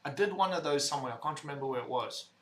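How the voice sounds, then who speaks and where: Man, young adult, casual livestream host, slightly high voice, bright, rambling, swearing. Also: very fast. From visitor to the UK. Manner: loud, laughing, swearing, rambling. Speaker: livestream host reading chat.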